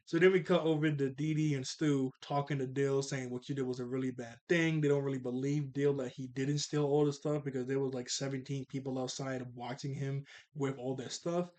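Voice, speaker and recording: A man's voice: mid-range voice, steady tone, brisk, hardly any pauses, darkish tone. A young man casually recapping a cartoon episode, laid-back and slangy, with chuckling asides.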